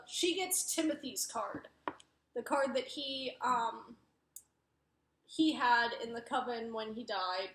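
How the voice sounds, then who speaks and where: High-voiced young woman rambling about books. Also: a bit bright. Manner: rambling, many fillers and "like". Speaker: book reviewer. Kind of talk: casual book review. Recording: roomy echo.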